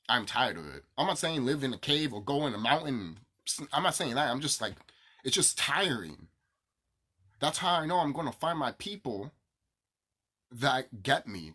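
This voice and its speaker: A young man rants straight to his audience, swearing often and circling back over the same points. His voice is husky and bright, and it swings widely in pitch as he heats up. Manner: angry, profane, repetitive ranting. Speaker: vlogger. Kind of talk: ranting to camera.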